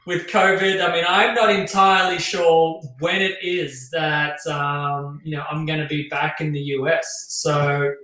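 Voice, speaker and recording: Brief: Australian male host, casual and rambling, bright voice, roomy echo. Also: on the high side, little pitch movement, unhurried, few pauses, far from the mic. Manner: chatty, loose, lots of fillers. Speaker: show host. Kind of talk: casual hosted talk. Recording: echoey room.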